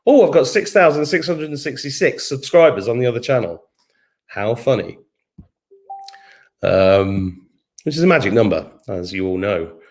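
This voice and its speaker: A man's voice: mid-range voice, expressive, moderate pace, pauses often. A middle-aged man hosting a live stream from his home kitchen, chatting casually, reading comments, humming to himself and swearing now and then. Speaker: host of an online live show.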